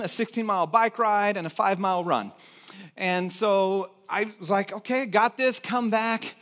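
A man with a high voice preaches in a church, a middle-aged pastor who tells stories in a lively, theatrical way. He acts out moments with sudden loud bursts, then drops low and slow when he makes a serious point. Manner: animated storytelling, acts out his own panic with sudden loud exclamations. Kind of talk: sermon.

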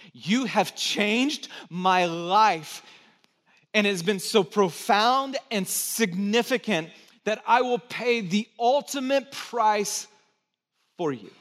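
A man's voice: high-pitched, fairly bright tone, heavily acted. A man voicing the apostle Peter, a bold grown man making earnest, emphatic vows. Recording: long church hall reverb.

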